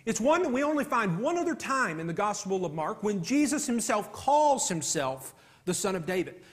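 A man's voice: sits high, very animated, normal speed. A man preaching an earnest sermon, emphatic and given to repeating himself.

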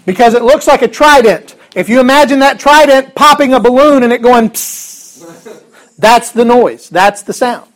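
A man's voice: very high-pitched, normal speed, hardly any pauses. A man teaching a Bible class in a casual, joking way, chuckling often and restarting his sentences.

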